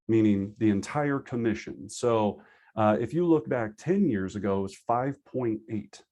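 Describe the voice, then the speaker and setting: A man teaching a live online class for real estate agents over a video call, energetic and conversational, acting out his students' excuses. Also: lowish voice. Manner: acts out agents' excuses in quick asides. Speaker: real estate sales trainer.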